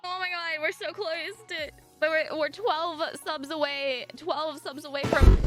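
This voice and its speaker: A young adult woman live-streaming, chatting casually and gushing excitedly at her viewers, breaking into squeals. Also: sits high, unhurried, hardly any pauses, music in the background.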